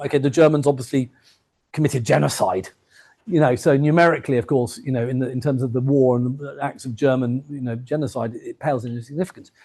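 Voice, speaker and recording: A man giving an evening history talk to a live audience in a museum, chatty and full of jokey asides. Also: a little high. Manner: chatty, jokey asides, quick lively delivery. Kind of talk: public lecture with anecdotes. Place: museum lecture room before a live audience.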